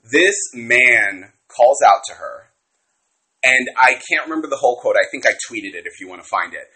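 Animated, bright-voiced man co-hosting a podcast. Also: mid-range voice, normal speed, low-quality recording. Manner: animated, swears freely, acts out quotes. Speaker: podcast co-host. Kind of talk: casual chat, book critique.

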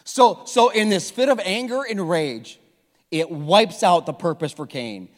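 Guy preaching, fired up then quiet, high lively voice, echo of a big hall. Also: unhurried. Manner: impassioned, swings from loud to hushed, repeats words. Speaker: pastor. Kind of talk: sermon.

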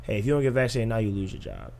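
A man's voice: fairly low pitch, rapid-fire, vocal fry, a little hiss or hum. A young man in casual podcast chat, arguing with rhetorical questions. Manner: animated, argumentative, rhetorical questions.

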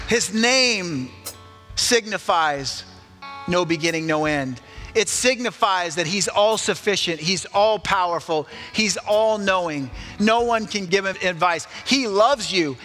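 A man's voice: sits high, sharp tone. A man preaching a sermon with emphatic rhetorical questions to the congregation. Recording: echoey hall, faint music.

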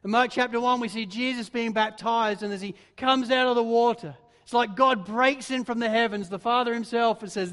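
A man preaching a sermon with dramatic delivery that builds in force and then sinks low and soft. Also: steady tone, normal speed, hardly any pauses. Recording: long reverb of a large hall.

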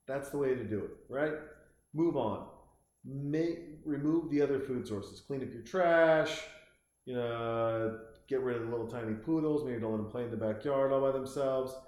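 Man hosting a loose comic monologue, rambling, profane, lots of restarts, mid pitch, heavy room echo. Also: dark tone. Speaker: host. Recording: very echoey room.

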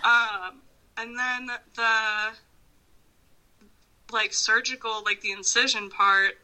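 Bright, swearing woman guest. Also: on the high side, fairly even intonation, slow pace, low-quality recording. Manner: profane, laughing, rambling. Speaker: podcast guest. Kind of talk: casual phone chat.

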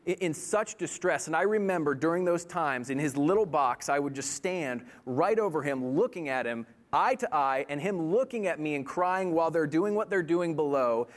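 Earnest male preacher, slightly high voice. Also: expressive, moderate pace, hardly any pauses. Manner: earnest, rising to impassioned pleading. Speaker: pastor. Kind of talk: sermon.

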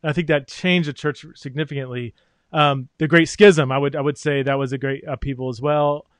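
A podcast host conducts a conversational interview, speaking thoughtfully but restarting often and using lots of fillers. His voice is a little high, a little fast, with fairly even intonation and no echo.

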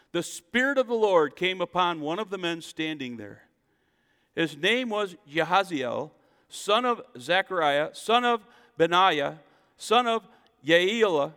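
A man preaching a sermon as a pastor, reading scripture and building to loud, emphatic calls to the congregation. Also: a little high, big-room sound. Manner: preaching with rising, shouted emphasis and call-and-response asides.

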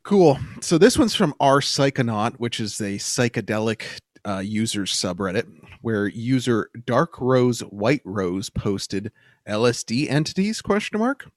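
A man's voice: mid-range voice, lively intonation, a little slow, no echo. A man co-hosts a casual podcast, reading posts aloud in a laid-back, chuckling way. His voice rises and falls with animation. The close mic sounds dry. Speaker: podcast co-host.

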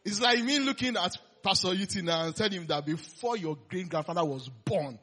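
Husky-voiced man preaching a sermon. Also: sits high, lively intonation, fairly quick, pushed and bright.

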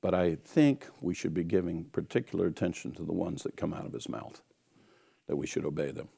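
A man delivers a sermon, weaving a personal story into earnest exhortation. His voice sits very low, with a rough gravelly edge and a husky grain. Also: lively intonation, fairly quick, mellow. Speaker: preacher.

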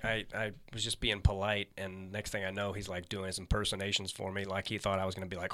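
A stand-up comedian hosts a podcast, telling stories in a casual chat and swearing freely. His voice is deep and he talks fast with hardly any pauses, animating his tales and acting out the quotes.

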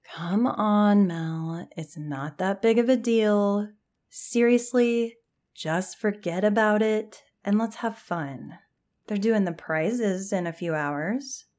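A woman's voice: mid-range voice, takes it slowly, darkish tone, lightly acted. A woman doing laid-back joking camper girl. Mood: easygoing.

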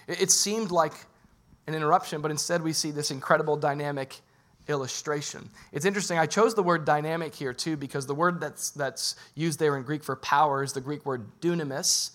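A man's voice: on the high side, brisk, pushed and bright. A male pastor preaching a sermon in a casual, joking storytelling way, acting out the people in the story.

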